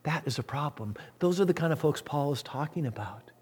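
A man preaching as pastor of his church, swinging from loud emphatic peaks to hushed low asides. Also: expressive, a little fast, slightly rough. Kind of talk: sermon.

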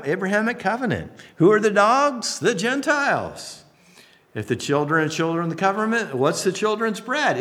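A man preaching a sermon in an animated storytelling way, acting out the voices of people he quotes. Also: mid-range voice.

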